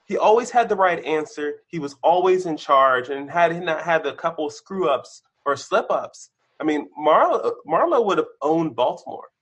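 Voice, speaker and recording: A man, a guest on a podcast, telling candid stories about his career, his voice shooting up when excited and dropping low when reflective. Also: normal speed, hardly any pauses, breathy edge. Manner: animated storyteller, bursts of excitement, then drops low. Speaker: podcast guest, senior engineer. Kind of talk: candid conversational interview.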